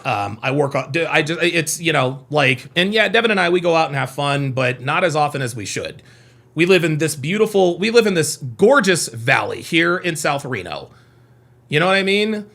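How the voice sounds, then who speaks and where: A man's voice: on the high side, creaky, fairly bright tone. A man in his forties chatting casually on a live stream, rambling, repeating himself and reading chat comments aloud. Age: 40s. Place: home near Reno.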